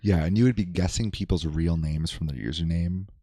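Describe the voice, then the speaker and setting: A low-voiced man with a gravelly edge, talking things over in a relaxed, rambling way. His tone is mellow and the recording is close and dry. He co-hosts a casual podcast chat. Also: a little fast, no room sound. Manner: reflective, loose, many fillers and restarts. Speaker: podcast co-host.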